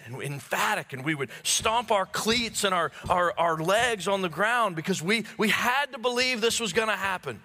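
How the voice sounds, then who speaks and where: A male pastor preaching a sermon. He stammers and repeats words as he builds emphasis, then drops to low hushed tones on key phrases. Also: lively intonation, moderate pace, few pauses. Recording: long hall reverb.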